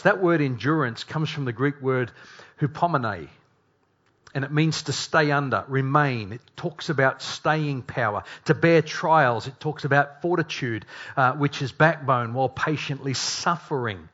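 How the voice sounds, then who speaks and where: A middle-aged male pastor preaching a sermon, earnest, moving between hushed confession and loud, emphatic passages. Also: medium pitch, moderate pace. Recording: dull lo-fi recording.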